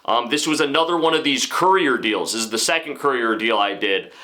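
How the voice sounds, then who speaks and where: A man's voice: medium pitch, animated, brisk, bright, forceful tone. A man hosting a comedy podcast, telling a rambling story with self-aware asides. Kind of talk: comic storytelling.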